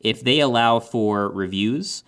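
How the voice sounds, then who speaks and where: A man's voice: medium pitch, takes it slowly, a bit bright, clear, resonant tone. A man in his thirties co-hosting a gaming podcast in casual chat, friendly and rambling. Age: 30s. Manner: friendly, rambling, many fillers and restarts. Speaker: podcast co-host.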